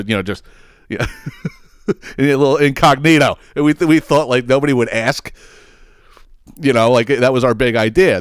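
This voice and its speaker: Male podcast host, animated and foul-mouthed, dry close mic. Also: medium pitch, smooth, no echo. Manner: profane, rambling, animated. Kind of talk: casual storytelling.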